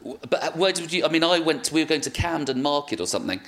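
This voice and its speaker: Rambling self-mocking English comedian. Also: male voice, on the high side, expressive, fast talker, a bit bright. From England. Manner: rambling, self-mocking storyteller, hesitant with ums. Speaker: comedian guest. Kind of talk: casual comic anecdote telling.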